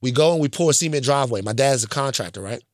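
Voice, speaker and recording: A man from Louisiana tells stories in a loose, emphatic way, swearing bluntly and circling back to his point. His voice sits at a middling pitch and sounds dry and close to the mic. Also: animated, quick pace, no room sound. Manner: emphatic, repeats points, checks in with "right?"; profane and blunt. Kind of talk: casual storytelling chat.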